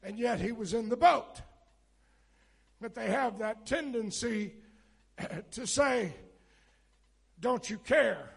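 A male pastor with a very high voice that has a gravelly edge. He preaches fervently, swelling into shouts, then drops into frank, conversational asides to the congregation. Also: takes it slowly, long pauses. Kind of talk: sermon.

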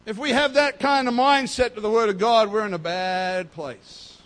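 A man giving a sermon as pastor, emphatic and swinging between loud and soft. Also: high-pitched, normal speed.

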